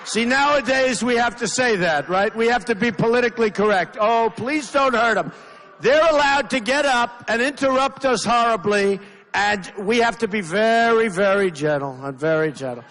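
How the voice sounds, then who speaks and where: Man, 60s, rally speech, emphatic, repetitive, off-the-cuff, highish voice, reverberant hall. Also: animated, moderate pace, fairly bright tone. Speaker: political candidate speaking at a rally. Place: large indoor rally venue. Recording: reverberant hall with faint crowd noise.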